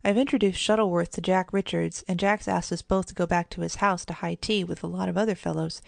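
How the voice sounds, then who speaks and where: A woman voicing a proud, cheerful schoolboy brother in a storybook, speaking briskly. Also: lowish voice, steady tone, creaky, no room sound. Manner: brisk, explaining.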